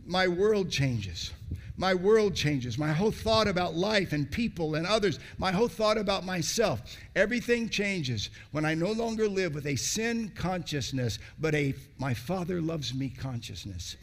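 A high-voiced male preacher with a gravelly rasp, delivering a sermon in a lively, sing-song rise and fall. He repeats phrases for emphasis, swinging from loud raised bursts down to hushed, drawn-out words.

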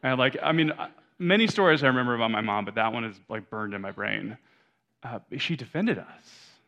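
A man's voice: medium pitch, lively intonation, fairly quick, bright, forceful tone, highs cut off. A young adult man preaching a sermon as pastor, in a conversational way, correcting himself and often adding "right?" asides.

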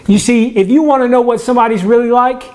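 A man's voice: very high-pitched, fairly even intonation, fast talker, a little mellow. Guy doing a laid-back sermon from his house, chatty, keeps restarting his words, pokes fun at himself. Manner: conversational, restarts words, self-deprecating humor. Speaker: church ministry director. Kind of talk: casual home-recorded sermon. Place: his own home, indoors.

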